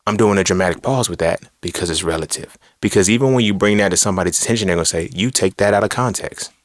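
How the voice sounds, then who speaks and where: Low-voiced blunt preachy man. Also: fast talker, no room sound, clean studio sound. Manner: blunt, profane, preachy and rhetorical. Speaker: podcast host. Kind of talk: casual monologue on philosophy and religion.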